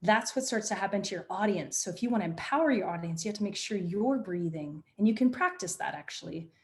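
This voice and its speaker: Energetic woman coaching presentation skills. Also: medium pitch, fast. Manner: energetic, animated, demonstrative. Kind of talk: online workshop lecture.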